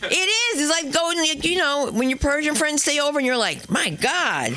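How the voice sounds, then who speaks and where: Brash, lively woman doing stand-up. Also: moderate pace, noisy background. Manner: brash, chatty, swings into loud high bits. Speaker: stand-up comedian and host. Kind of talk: stand-up comedy set. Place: comedy club stage.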